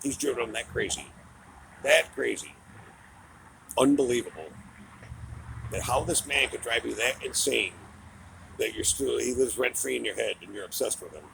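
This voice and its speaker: A man's voice: medium pitch, normal speed, vocal fry, long pauses, pushed and bright, slight background noise, low-quality recording. A middle-aged man giving a heated, profane political rant, mocking and angry. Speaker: political commentator.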